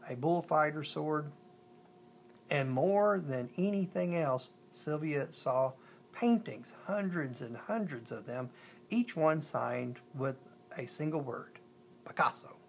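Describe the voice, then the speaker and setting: A storyteller reads a children's picture book aloud at an uneven pace, often stumbling and restarting. They slow right down through long lists. The voice sits in a middle pitch, and a faint hum with a low rumble runs underneath. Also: animated, creaky.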